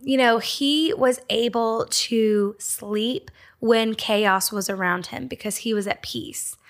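A woman's voice: a little high, slow pace. A young woman from Georgia, giving a casual devotional talk with fillers and small laughs. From Georgia, USA. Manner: casual, warm storytelling with fillers and little laughs. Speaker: speaker at a Christian ministry. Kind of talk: devotional teaching.

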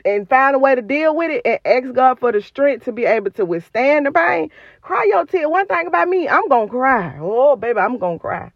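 A woman's voice: sits high, no echo, dull audio. A woman hosting a podcast, giving an emphatic, repetitive, preacherly motivational talk recorded on her phone. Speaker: podcast host.

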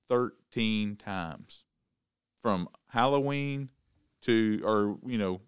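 A man hosting a casual chat, telling an animated story and acting out the voices. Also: medium pitch, clean tone, no room sound, clean studio sound. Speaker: podcast host.

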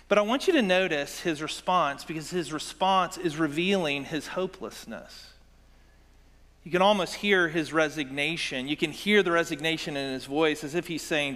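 A man's voice: a little high, normal speed, fairly bright tone, long reverb tail. A man preaching a sermon as pastor, in a conversational, earnest way with asides to his congregation.

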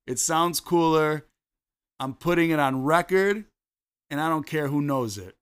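A man's voice: fairly high pitch, measured pace, clear, resonant tone. A man with a Chicago accent co-hosting a podcast, telling rambling stories full of fillers and restarts. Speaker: podcast co-host. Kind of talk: casual chat.

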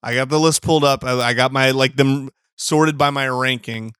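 A man's voice: medium pitch, fairly even intonation, normal speed, a bit bright, clear, resonant tone, dry recording, studio quality. A young man co-hosting a casual film podcast, rambling and laid-back, laughing often and swearing casually. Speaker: podcast co-host.

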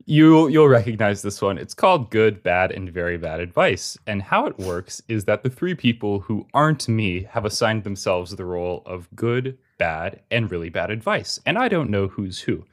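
A man's voice: lowish voice, very animated, moderate pace, few pauses. A young adult man hosting a podcast, teasing his friends with dry quips and introducing the next segment. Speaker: podcast host.

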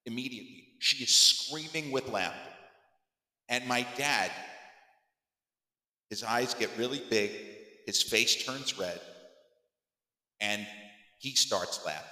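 Male host, around 50, emphatic storyteller; bright voice, reverberant room. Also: slow, long pauses. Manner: animated, emphatic, voice climbing high when acting exasperated. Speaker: podcast host. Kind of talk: storytelling monologue. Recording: echoey room with long reverb.

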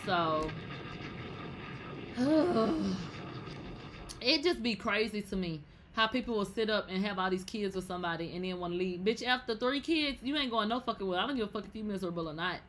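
A woman with a bright, sharp voice dishing celebrity gossip. She talks brashly and swears freely. Her casual commentary keeps erupting into loud outbursts. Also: medium pitch, lively intonation, moderate pace, slight background noise. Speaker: gossip vlogger.

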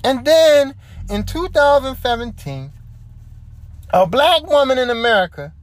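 A woman's voice: high voice, lively intonation, measured pace, no echo. A woman hosting a solo podcast, ranting in a casual, profane, repetitive way. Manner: profane, repetitive, worked-up commentary. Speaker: podcast host.

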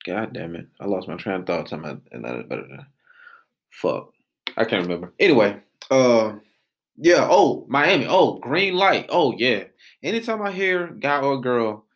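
A man, telling a profane story as a podcast host and losing his train of thought. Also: lowish voice. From Atlanta, US South. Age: late 20s. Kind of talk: casual storytelling rant.

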